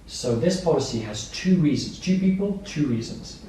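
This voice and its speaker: A man's voice: a little high, lively intonation, moderate pace, dark tone, distant mic, slight background noise. Man lecturing in an echoey room. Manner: simple, repetitive explanations with examples. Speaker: staff trainer. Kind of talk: training lecture. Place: training room.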